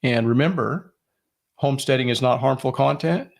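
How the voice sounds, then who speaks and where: A man hosting a podcast in casual chat, talking in a halting way with many fillers and restarts. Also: medium pitch, creaky. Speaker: podcast host.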